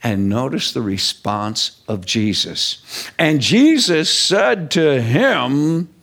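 Animated, slow-paced male preacher. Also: mid-range voice, vocal fry. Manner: animated, emphatic, stretches key words slowly. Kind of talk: sermon.

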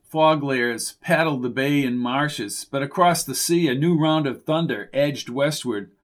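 An audiobook narrator with a medium-pitched voice reads a suspense novel aloud. His scripted narration is measured and steady.

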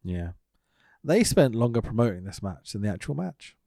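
A man's voice: fairly low pitch, sing-song, normal speed, vocal fry, warm tone, no echo, studio quality. A man co-hosting a podcast, recapping wrestling in sweary, sarcastic casual chat and laughing often. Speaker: podcast co-host.

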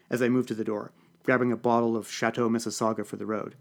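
A man narrating a first-person comic story for an audiobook podcast, with a dry, deadpan delivery. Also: mid-range voice, quick pace, vocal fry.

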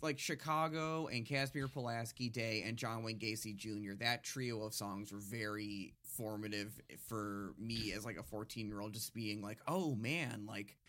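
Hesitant young man, bright tone. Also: medium pitch, fairly even intonation, normal speed. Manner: hesitant, many fillers, reflective. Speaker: podcast co-host. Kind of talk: casual podcast chat.

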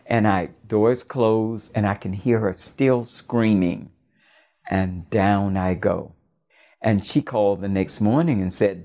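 An older woman from Florida narrating a personal story in a halting, intimate way. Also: very deep voice, mellow. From Florida, USA.

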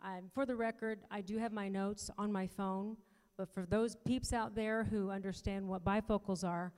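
A woman's voice: medium pitch, steady tone, normal speed, a little mellow. A woman on a church panel, talking casually and joking with the audience. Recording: live in a reverberant church hall.

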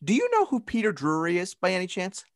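A man co-hosting a casual sports podcast, chatting and breaking into loud commentator and accent impressions. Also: high voice, wildly swooping pitch, fast talker, no echo, studio quality. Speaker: podcast co-host.

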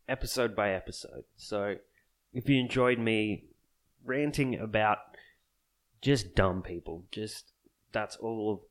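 A man's voice: lowish voice, a bit bright. A man on a profane solo podcast rant, exasperated and sarcastic, swearing constantly. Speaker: podcast host.

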